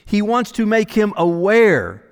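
A man delivers an expository sermon with a fairly high, very animated voice that swoops up and down. He preaches dramatically, pulling back to hushed tones for emphasis. His voice rings with the long reverb of a large hall. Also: a little slow, clear, resonant tone. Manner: dramatic preaching, dropping to near-whispers for emphasis. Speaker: pastor.

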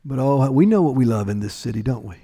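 A man's voice: medium pitch, expressive, fast, warm tone, big-room sound. A male pastor preaching a sermon with an emphatic, repetitive cadence.

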